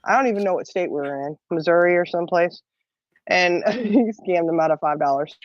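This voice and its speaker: A woman's voice: on the low side, brisk, no echo, muffled recording. A middle-aged woman telling a long story in casual chat, rambling and laughing often. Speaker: podcast co-host.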